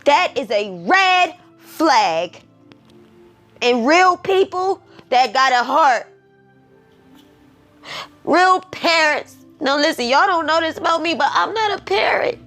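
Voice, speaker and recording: Emotional, preachy woman with a slow, high voice. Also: lively intonation, fairly bright tone, faint music behind. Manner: emotional, preachy, repeats herself. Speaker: commentary vlogger. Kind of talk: emotional personal commentary.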